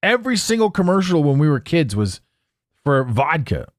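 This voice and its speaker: Blunt, animated man riffing on a podcast. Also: fairly high pitch, moderate pace, dry recording, studio quality. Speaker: podcast host. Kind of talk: casual monologue.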